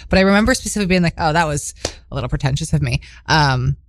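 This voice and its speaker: A young woman co-hosting a podcast, telling a story in a casual, animated way, laughing often and acting out quotes. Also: deep voice, rapid-fire, dry recording, clean studio sound. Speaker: podcast co-host.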